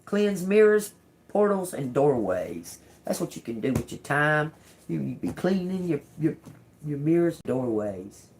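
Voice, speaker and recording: A woman's voice: sits low, very animated, unhurried, darkish tone, slight background noise. A woman tarot reader reading a book aloud to viewers and chatting loosely, laughing often and talking to her pet bird. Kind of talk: casual reading and chat to viewers.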